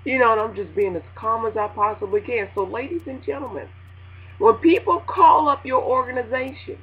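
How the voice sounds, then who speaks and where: A woman radio host ranting casually to her listeners, animated and laughing, acting out a phone call in a high voice. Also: fairly quick, slightly rough. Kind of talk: casual spoken rant.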